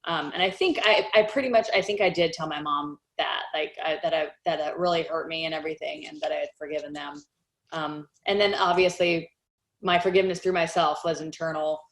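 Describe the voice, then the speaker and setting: Woman guest, low-ish voice, halting and candid testimony, roomy echo on the recording. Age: adult. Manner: candid, halting, with many fillers and restarts. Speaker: podcast guest. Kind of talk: personal testimony in conversation. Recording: echoey room.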